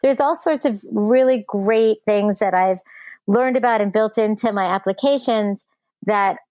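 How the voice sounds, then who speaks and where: An earnest woman speaks as a podcast guest, explaining her ideas with emphasis and quick laughs. Her voice sits at a middling pitch, with a dry, close sound. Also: a little mellow, dry recording. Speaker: guest, speech app founder. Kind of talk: conversational interview.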